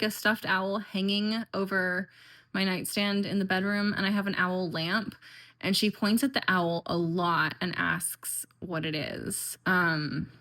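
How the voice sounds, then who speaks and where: A woman's voice: medium pitch, fairly bright tone. Chatty, rambling woman vlogger. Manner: chatty and rambling, with frequent fillers and "like". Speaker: tarot and oracle deck vlogger. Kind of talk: casual chat.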